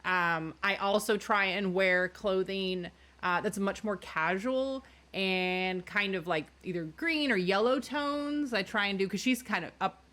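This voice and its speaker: A woman co-hosting a podcast in casual chat, relaxed and often searching for words. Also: medium pitch, measured pace. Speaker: podcast co-host. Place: in-person studio recording.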